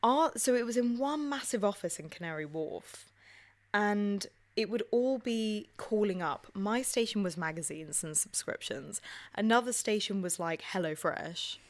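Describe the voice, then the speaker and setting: A woman's voice: mid-range voice, a little slow. A young woman in her twenties with a posh English accent, co-hosting a podcast and telling stories in a chatty way with frequent laughs. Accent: posh southern English. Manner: chatty storyteller, laughs often, swears casually. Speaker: podcast co-host. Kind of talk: casual chat.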